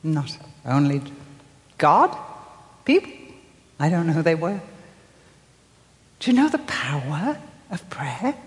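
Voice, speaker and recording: An older woman giving a sermon, telling her story softly with dramatic pauses and acting out the voices she quotes. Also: sits low, big pitch swings, big-room sound. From England. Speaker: speaker.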